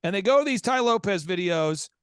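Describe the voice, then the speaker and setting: A man's voice: high voice, animated, a little fast, clean tone, no room sound, clean studio sound. A man hosting a business podcast, telling stories with energy and acting out both sides of conversations. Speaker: podcast host. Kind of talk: animated storytelling.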